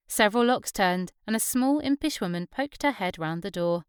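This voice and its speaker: A woman reads an audiobook in a steady, even way. Her mid-pitched voice is smooth and clear. The recording is close and dry, with no room around it. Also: moderate pace, few pauses, no room sound. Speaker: audiobook narrator. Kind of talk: scripted narration.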